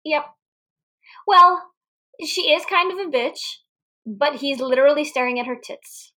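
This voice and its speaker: A young woman with a bright, forceful, fairly high voice co-hosts a laid-back movie recap chat. She jumps into animated tangents, laughs often and swears without a second thought. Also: measured pace. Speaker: podcast co-host.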